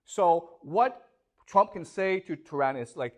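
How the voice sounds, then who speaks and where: A man's voice: sits high, animated, normal speed. A man lecturing a class, constantly checking that his students understand with rhetorical questions.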